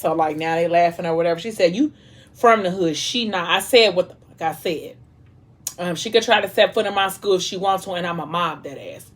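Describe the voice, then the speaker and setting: Animated young woman retelling a story. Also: fairly low pitch, moderate pace. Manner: animated, dramatic retelling with quoted dialogue and slang. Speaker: mukbang vlogger retelling a book. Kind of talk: casual storytelling chat.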